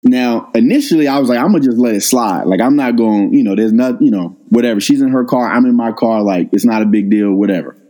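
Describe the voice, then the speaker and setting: A middle-aged man, a guest on an interview, telling a personal story in a casual, animated way and jumping up in pitch when he quotes himself. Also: brisk, few pauses, low-quality recording. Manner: animated retelling, rises sharply when quoting himself. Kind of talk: conversational storytelling.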